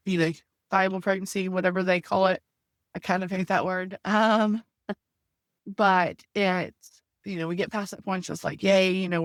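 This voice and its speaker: A woman's voice: lowish voice, dry recording, studio quality. A woman in her thirties telling her story as a podcast guest, talking earnestly and filling her speech with "like" and "you know.". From United States. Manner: faith-centered. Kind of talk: conversational storytelling.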